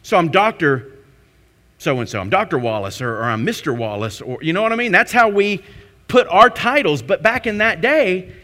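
A man preaching a sermon, questioning his listeners and answering himself, with swings between loud emphasis and hushed intensity. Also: high voice, lively intonation, moderate pace. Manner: asks the congregation questions and answers them himself. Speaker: pastor.

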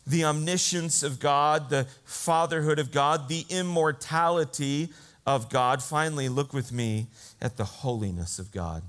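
Slow-paced male preacher. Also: fairly high pitch, a bit bright. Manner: slow, earnest preaching with swells of emphasis. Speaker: pastor. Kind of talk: sermon.

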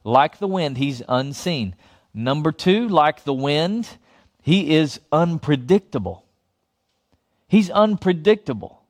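A male pastor preaching a lively sermon, often repeating phrases and chuckling between points. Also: fairly high pitch, slow pace.

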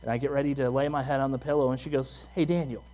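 A man's voice: medium pitch, flat delivery, rapid-fire, darkish tone. A man preaching a sermon as pastor, talking casually, telling stories about himself and asking the listeners questions. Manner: conversational preaching with personal stories and rhetorical questions.

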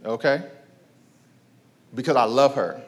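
A man's voice: mid-range voice, lively intonation, takes it slowly. A man in his thirties preaching a sermon, talking casually to the congregation, asking questions and repeating key lines. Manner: conversational preaching with rhetorical questions and repetition; call-and-response with congregation. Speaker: pastor.

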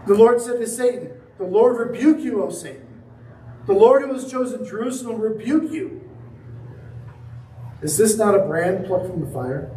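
Male preacher, high voice, sermon delivery with acted-out story, echoey hall mic. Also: expressive, normal speed, long pauses, mellow, a little hiss or hum. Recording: echoey room from a distance.

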